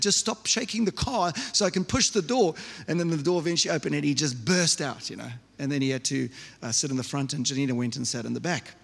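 A man preaching a sermon as pastor, chatty and often asking the congregation questions. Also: fairly high pitch. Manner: conversational, asks the congregation questions. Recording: reverberant church hall.

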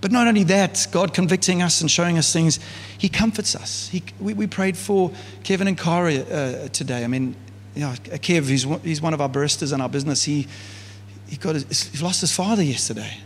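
A man preaching as a pastor, in a relaxed, conversational style full of fillers and asides. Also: on the high side, a little fast, a little hiss or hum. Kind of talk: sermon. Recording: church hall with long reverb.

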